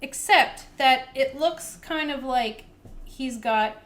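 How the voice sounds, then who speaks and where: A woman's voice: high-pitched, slow pace, a bit bright. A young woman narrating a tabletop game as game master in a casual way, full of fillers.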